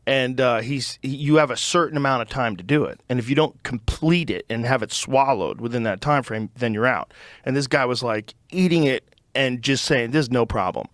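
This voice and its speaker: Man, podcast host, mid pitch, dry close mic, profane and animated storyteller. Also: moderate pace, no echo. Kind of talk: casual storytelling chat. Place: podcast studio. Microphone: studio mic.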